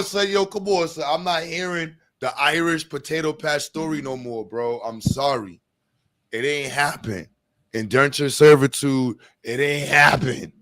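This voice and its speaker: A man's voice: medium pitch, fairly bright tone, no room sound, studio quality. A man hosting a podcast, ranting in a blunt, profane, slangy way. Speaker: podcast host. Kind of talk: heated casual rant.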